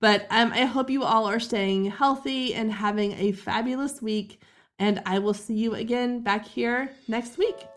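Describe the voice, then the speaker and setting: A woman podcast host and business coach, hoarse and gravelly, giving direct advice to her listeners in a solo talk. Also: on the high side, unhurried.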